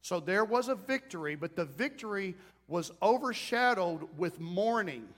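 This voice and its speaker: A man's voice: high-pitched, lively intonation, normal speed, a bit bright, long reverb tail. A man preaching a sermon as pastor, speaking conversationally and building to emphatic exhortation.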